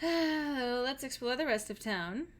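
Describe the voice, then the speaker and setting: A woman's voice: high-pitched, expressive, takes it slowly. An American woman streaming a retro adventure game, chatting offhandedly and reading the game text aloud into a desk mic. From United States. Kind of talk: casual let's-play chat and reading game text.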